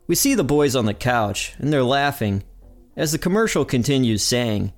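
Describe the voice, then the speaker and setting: A man hosting a podcast and narrating an episode recap in an energetic, upbeat way. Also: medium pitch, normal speed, faint music behind. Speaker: podcast host.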